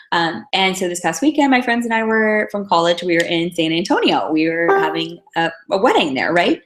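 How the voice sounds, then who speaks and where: A woman's voice: fairly low pitch, fairly bright tone. A young woman giving a casual motivational talk as a team leader, telling stories in a chatty way with many fillers. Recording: roomy echo.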